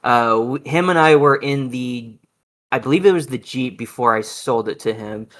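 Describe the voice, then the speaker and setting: A man's voice: medium pitch, normal speed. A man being interviewed, telling stories in a hesitant, matter-of-fact way with many fillers and restarts. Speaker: interview guest. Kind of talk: casual interview.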